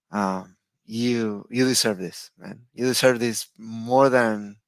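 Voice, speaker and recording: A man co-hosting a live stream, emotional and earnest, speaking haltingly with many restarts. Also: mid-range voice, no room sound. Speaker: co-host.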